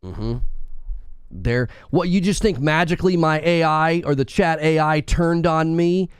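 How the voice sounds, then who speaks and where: A man's voice: on the high side, unhurried, clean tone, no echo, clean studio sound. A male gaming streamer in a comedic, theatrical rant to his live chat, indignant and mock-paranoid.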